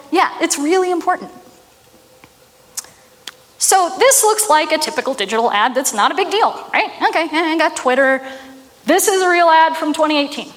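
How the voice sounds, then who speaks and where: A woman's voice: sits high, animated, moderate pace, pauses often, in a large hall. A woman giving a casual, chatty talk on marketing, often tossing in "right?" asides. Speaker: marketing speaker.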